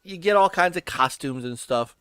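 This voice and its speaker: A man's voice: a little high, lively intonation, moderate pace, a bit bright, clean tone, dry recording. A man hosting a video game podcast in casual chat, talking in a loose, chatty way with restarts. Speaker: podcast host.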